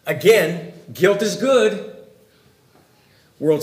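A male preacher delivers a sermon in a high, bright register. He presses his points with emphatic bursts and then drops to quiet asides. His voice rings in a roomy, echoing space. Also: lively intonation, normal speed. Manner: emphatic, rising and falling between loud and quiet.

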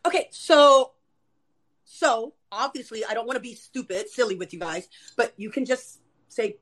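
A woman talking quickly and eagerly on a live stream, guiding her viewers through an energy practice. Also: a little high. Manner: rapid, animated, addresses viewers as "you guys". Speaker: guest, spiritual energy worker. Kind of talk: casual live-stream chat.

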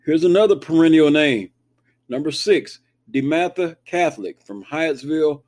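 A man's voice: fairly high pitch, expressive, normal speed, darkish tone. A man hosting a casual sports talk show, reading down a rankings list with chatty asides. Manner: conversational, reads list with asides. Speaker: show host. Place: Kansas, near Wichita.

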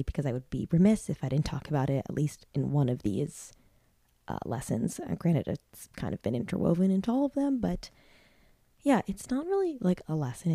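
A woman's voice: fairly low pitch, warm tone, no room sound. A woman hosting a solo podcast, talking in a rambling, heartfelt way full of "like" and restarts. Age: 20s. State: near tears at times. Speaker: podcast host.

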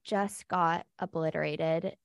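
A woman's voice: low voice, steady tone, takes it slowly, vocal fry, smooth, no room sound. A woman guest on a podcast, candidly and heartfelt telling her own story with lots of casual fillers.

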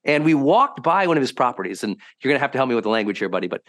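A man hosting a podcast, a high-performance coach telling stories in a lively, conversational way and acting out quotes with sudden bursts. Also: rapid-fire. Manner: animated, swings into loud acted quotes. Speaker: host.

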